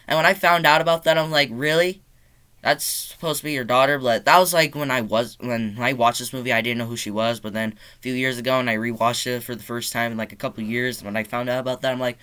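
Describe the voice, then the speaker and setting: Excited young man rambling in his bedroom. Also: mid-range voice. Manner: excited, rambling, swears often, says "like" a lot. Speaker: movie reviewer. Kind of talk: casual review monologue.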